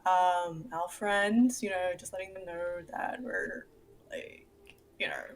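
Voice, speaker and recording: A woman's voice: lowish voice, steady tone, takes it slowly, slight background noise. A woman playing a tabletop game, chatting casually, hesitant and giggling often. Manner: giggly, hesitant, many fillers. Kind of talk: casual play chat.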